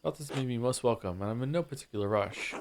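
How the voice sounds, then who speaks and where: A man's voice: medium pitch, noisy background, close to an everyday voice. Man doing a polite merchant. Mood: courteous. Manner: courteous, measured. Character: Italian male merchant, polite and formal.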